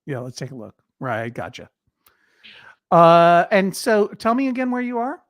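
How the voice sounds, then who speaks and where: A man's voice: high voice, sing-song, measured pace, no room sound. Goofy rambling host guy, voice bounces all over, dry close sound. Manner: playful, rambling, absurd asides. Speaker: talk show host. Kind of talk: casual video chat.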